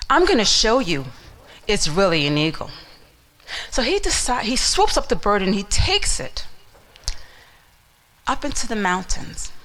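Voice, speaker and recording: A woman's voice: a little high, fairly bright tone. A woman giving a motivational talk, telling a story dramatically and asking the listener questions. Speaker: motivational speaker.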